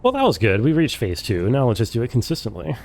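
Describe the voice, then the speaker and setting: A man's voice: medium pitch, wildly swooping pitch, quick pace, gravelly, darkish tone. A man streaming a game, chatting casually with viewers, sarcastic and swearing freely. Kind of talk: casual live game commentary. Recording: game music playing behind the voice.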